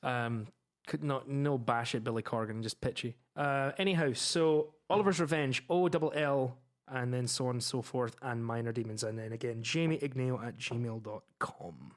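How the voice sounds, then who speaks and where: A man with a mid-range voice co-hosts a casual podcast. He laughs often and spells things out slowly and carefully. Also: mid-range voice. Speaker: podcast co-host, musician. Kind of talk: casual chat.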